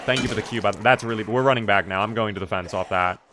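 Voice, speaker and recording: A man's voice: fairly low pitch, fast, noisy background. Chatty male streamer, casual gaming talk. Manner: chatty, relaxed, reads and answers chat.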